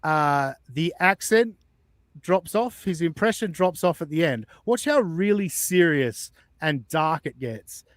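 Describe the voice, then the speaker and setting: A man hosts a podcast with a slightly high voice and a dry, close sound. He reacts to clips casually, chatting, swearing and sounding incredulous. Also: animated, measured pace, dry recording. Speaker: podcast host.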